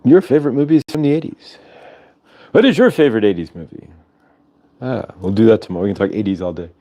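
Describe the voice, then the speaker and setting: A man hosting a casual livestream, chatting in a rambling way over a video call. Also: fast talker. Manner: rambling, chatty, lively pitch swings. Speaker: host.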